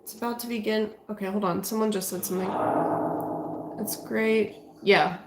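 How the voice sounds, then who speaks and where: A woman talks casually through a paranormal session inside a house. Her voice sits at an ordinary middle pitch. She trails off, restarts, and breaks off to question the spirits, and the room gives her voice a noticeable echo. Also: steady tone, normal speed, noisy background. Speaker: paranormal investigator. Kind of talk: casual talk during a ghost-hunting session.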